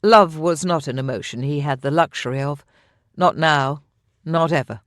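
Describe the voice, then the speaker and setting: An audiobook narrator reading scripted romance narration in a measured, intimate manner into a close studio mic. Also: medium pitch, fairly bright tone, no echo.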